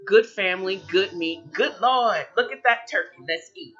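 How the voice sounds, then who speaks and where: A man voicing a jovial, teasing brother with a loud, jokey delivery. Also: on the high side, unhurried, highs cut off, soft background music.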